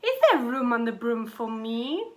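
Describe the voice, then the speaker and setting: A woman's voice: fairly high pitch, very animated, measured pace. A woman voicing a polite female green bird who eagerly asks to join in.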